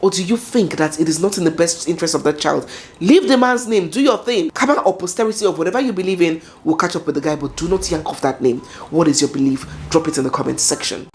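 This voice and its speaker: Nigerian woman, vlog host, dramatic and self-talking, very animated intonation. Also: lowish voice, fast talker, a little hiss or hum. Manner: dramatic, talks to herself, laughs often. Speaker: vlog commentator.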